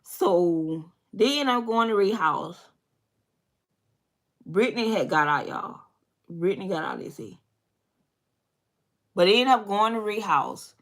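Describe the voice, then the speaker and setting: A woman in her thirties, a beauty vlogger, chats with her viewers while doing her makeup, calling them y'all, telling a story casually, and swearing freely. Her medium-pitched voice is expressive and a little slow, with frequent pauses.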